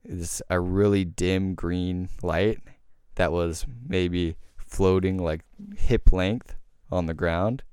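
A podcast host telling a story in casual chat, rambling and swearing often. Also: male voice, low-pitched, steady tone, slow, hardly any pauses, a little mellow, clear, resonant tone, no room sound, clean studio sound. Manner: rambling, profane, heavy filler words.

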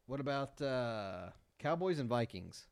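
A man co-hosting a casual sports podcast, relaxed and goofy, bantering about game picks. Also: mid-range voice, a little slow, dry recording, studio quality. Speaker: podcast co-host.

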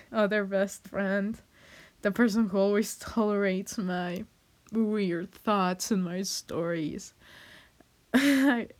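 A woman's voice: medium pitch, a little mellow. A young woman speaking in an emotional, hesitant way, often breaking into nervous laughs and using lots of fillers as she talks to her viewers. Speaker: vlogger. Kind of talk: personal heartfelt monologue.

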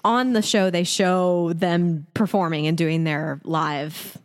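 A woman's voice: lowish voice, steady tone, slow, big-room sound. Chatty, opinionated woman podcast host. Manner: chatty and opinionated, lots of fillers. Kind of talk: casual chat.

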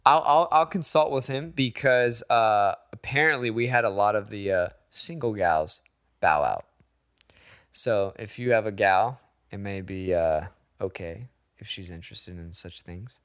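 A man's voice: lowish voice, unhurried, a bit bright, clear, resonant tone. A man hosting a casual podcast chat, joking crudely with his guest. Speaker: podcast host.

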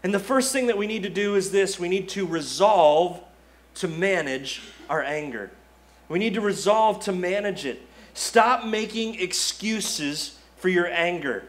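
A man's voice: high voice, lively intonation, unhurried. A male pastor preaching a sermon in a conversational style, acting out quoted asides. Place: church sanctuary.

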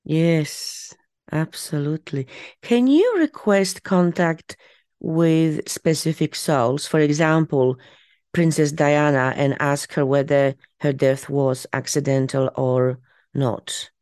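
A podcast host, a woman, with a mellow, warm tone, recorded dry and close. She asks her questions in a curious, unhurried way. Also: low voice, dry recording. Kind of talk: interview questions.

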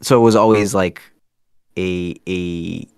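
A man's voice: low-pitched, fairly even intonation, slow pace, vocal fry, darkish tone, clear, resonant tone, dry recording, clean studio sound. A man speaking as a podcast guest in a casual interview, earnest, rambling and self-conscious.

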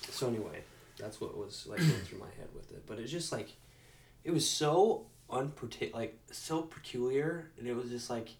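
A man's voice: medium pitch, lively intonation, normal speed. A young man in casual chat as a podcast co-host, laid-back and laughing often.

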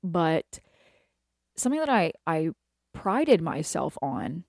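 A woman's voice: low voice, sing-song, slow pace, darkish tone, dry recording, studio quality. A woman in her thirties, a hairstylist, talking candidly in a casual monologue, swearing freely and laughing often. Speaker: hairstylist and salon owner.

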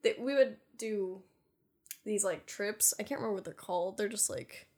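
A woman's voice: medium pitch, moderate pace, a little mellow. A woman co-hosting a podcast in casual chat, giggling often, swearing freely and saying "like" a lot. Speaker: podcast co-host.

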